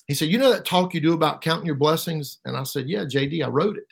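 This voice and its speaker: A middle-aged man giving an emotional personal testimony as an interview guest, halting and repeating words, his voice rising sharply at painful moments. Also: a little high, vocal fry, breathy edge. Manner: halting, repeats words, voice rises sharply when reliving pain.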